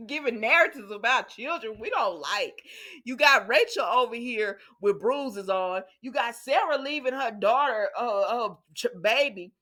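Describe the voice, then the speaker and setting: A woman's voice: on the high side, lively intonation, unhurried, pushed and bright. Chatty, sassy woman recapping soaps. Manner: chatty, sassy, addresses viewers directly. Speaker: soap opera recap host. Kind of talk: casual recap chat.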